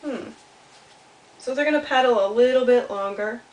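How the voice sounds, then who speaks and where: A woman reading a children's story aloud in a lively way, talking directly to young listeners. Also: on the high side, moderate pace. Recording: echoey room, mic far off, faint ambience.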